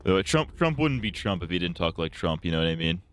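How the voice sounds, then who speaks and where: A man's voice: low-pitched, sing-song, a little fast, clean tone. A man streaming a game, rambling casually and swearing constantly. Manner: profane, rambling, muttered curses. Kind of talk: casual livestream commentary while gaming. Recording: loud game gunfire behind.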